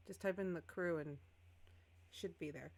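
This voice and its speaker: A woman's voice: lowish voice, moderate pace, a little mellow. A woman game master narrating a tabletop game in a casual, descriptive way.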